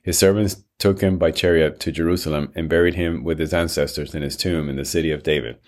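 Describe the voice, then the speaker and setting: Deep-voiced man reading scripture. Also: fairly even intonation, fast talker, a little mellow. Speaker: narrator.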